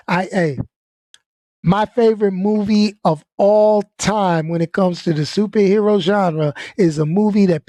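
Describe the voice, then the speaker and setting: Blunt high-voiced man venting. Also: a little mellow, dry recording, clean studio sound. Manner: blunt, laid-back, swears, laughs easily. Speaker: YouTuber. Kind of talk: casual venting vlog talk.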